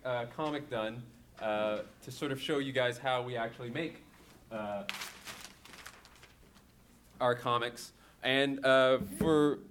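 A man's voice: medium pitch, fairly bright tone, slight background noise. A man, an author and comic artist, talking casually at a live book event with a hesitant manner and lots of fillers.

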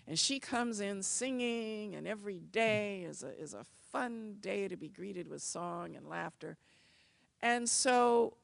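A woman from the United States telling personal stories in an expressive, animated manner. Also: fairly low pitch, creaky, dry recording. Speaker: speaker. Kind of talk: personal storytelling talk.

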